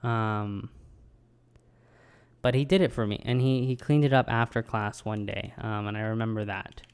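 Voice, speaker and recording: A young adult man casually recalling a childhood memory, rambling and animated with lots of ums and likes, mocking himself. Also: on the low side, normal speed, clear, resonant tone. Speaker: vlogger. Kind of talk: casual personal storytelling.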